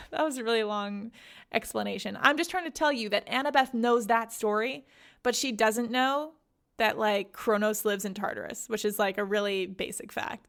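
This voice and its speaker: A woman's voice: mid-range voice, fairly bright tone. A woman hosting a podcast, recapping a book in a casual, giggly way with lots of "like". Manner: chatty, giggly, heavy use of "like". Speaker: podcast host.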